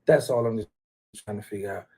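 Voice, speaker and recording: A man's voice: fairly low pitch, quick pace, vocal fry, slightly rough. A man hosting a casual live stream, rambling and teasing rival fans, calling out viewers by name. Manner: teasing, rambling, trash-talking, shouts out viewers.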